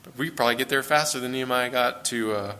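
A man with an American accent preaching a sermon in a church, conversational and relaxed, with fillers and self-corrections. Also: medium pitch, fast, a little hiss or hum.

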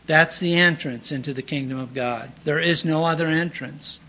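A man preaching a sermon in an earnest, plain-spoken way, often pausing and clearing his throat. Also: fairly high pitch, pushed and bright.

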